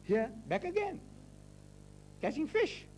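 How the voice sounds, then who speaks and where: A man's voice: very high-pitched, sing-song, slow, a little mellow, faint music behind, poor audio. A man in his sixties giving a public lecture to a university audience, rhetorical and teasing, hammering points home with repetition. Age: 60s. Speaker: Muslim lecturer.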